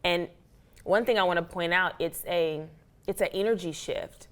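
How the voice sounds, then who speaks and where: A woman with an American accent, an actress and author telling her story as an interview guest, animated and acting out her own past thoughts. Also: lowish voice, normal speed. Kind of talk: casual interview talk.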